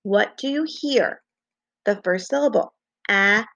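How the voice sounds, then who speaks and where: Slow, patient woman teaching phonics. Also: mid-range voice, animated, dry recording. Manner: slow, clear, patient dictation with repeated words. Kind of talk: phonics lesson for young children.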